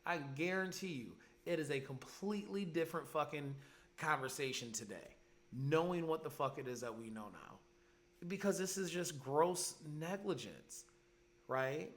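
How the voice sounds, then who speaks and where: A man's voice: on the high side, expressive, moderate pace. A man in his forties hosting a podcast, ranting in heated, profane commentary. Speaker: podcast host. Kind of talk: angry commentary monologue. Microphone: podcast mic.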